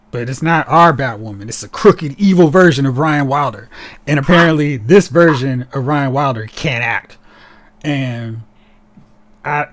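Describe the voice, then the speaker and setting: A man hosting a podcast in casual chat, animated and sarcastic, mocking characters as he talks. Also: mid-range voice. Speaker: podcast host.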